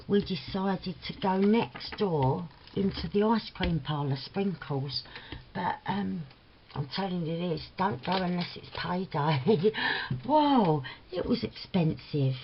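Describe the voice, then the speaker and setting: An older woman with a Cockney London accent, chatting casually and rambling through a crafting vlog, laughing often and using homely slang. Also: lowish voice. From England. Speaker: crafting vlogger. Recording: slightly dull lo-fi audio with faint noise.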